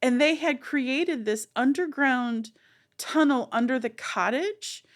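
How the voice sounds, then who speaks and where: A woman co-hosting a podcast, telling a long story in casual chat, animated and rambling with many fillers. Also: sits high, slow pace. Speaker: podcast co-host.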